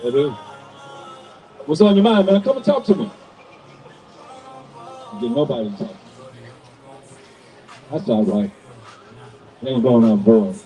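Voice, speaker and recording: A man's voice: medium pitch, lively intonation, measured pace, pauses often, dark tone, recorded from a distance, soft background music, rough recording. A man preaching a sermon and calling out to people around him, reading scripture and challenging listeners. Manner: preaching to passersby, calling out to the crowd. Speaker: street preacher.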